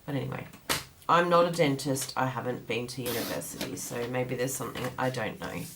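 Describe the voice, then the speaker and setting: Low-voiced chatty woman with a groggy morning voice. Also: brisk, background noise. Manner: chatty and rambling, laughs often. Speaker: craft class host. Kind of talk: casual livestream chat.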